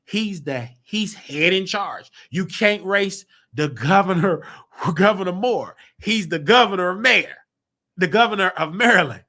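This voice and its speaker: A man's voice: sits high, animated, measured pace, pushed and bright. A man hosting a casual commentary monologue, talking emphatically with rhetorical questions. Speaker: host.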